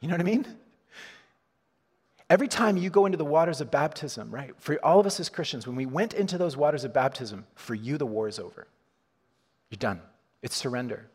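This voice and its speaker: A man's voice: on the high side, animated, brisk, a little mellow, slightly rough. Conversational male pastor, reverberant hall. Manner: conversational, frequent restarts and chuckles. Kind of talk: sermon. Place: church hall.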